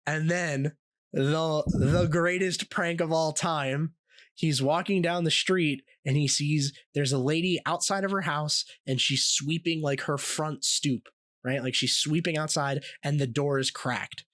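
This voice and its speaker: A man hosting a casual podcast with a slightly high voice, telling stories in an animated way. He laughs often and swears freely. His voice sounds close and dry. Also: a little slow, no room sound. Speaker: podcast host.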